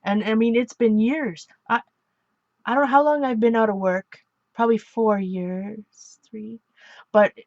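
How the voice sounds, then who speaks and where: A woman's voice: a little high, steady tone, measured pace, a little mellow, no room sound, muffled recording. A woman from Ontario chatting casually and rambling while she works on an art journal page, laughing often and correcting herself. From Ontario, Canada. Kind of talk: casual chat while crafting.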